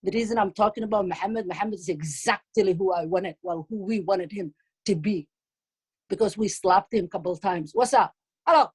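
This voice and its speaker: A middle-aged woman from Somalia with a Somali accent and Somali as her first language, telling comic stories in an animated, teasing way and exclaiming often. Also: medium pitch, a little fast, slightly rough. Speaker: comedic speaker at a community event. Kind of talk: comic storytelling.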